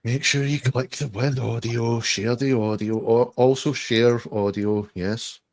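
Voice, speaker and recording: A man's voice: medium pitch, steady tone, a little slow, dry recording. A man hosting a podcast, chatting casually and swearing freely. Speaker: podcast host. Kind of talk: casual banter.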